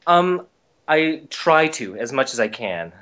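A man guest on a podcast, chatting casually and telling lively stories in which he acts out the quotes. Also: medium pitch, takes it slowly. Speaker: voice actor guest. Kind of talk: casual chat. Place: based in Los Angeles.

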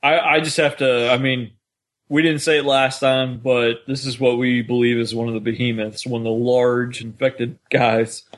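A man co-hosting a fan podcast in a chatty, easygoing way. His voice is mid-pitched and ordinary. He talks through episode details in casual conversation. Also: flat delivery. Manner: chatty, quick to laugh. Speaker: podcast co-host. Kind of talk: casual chat.

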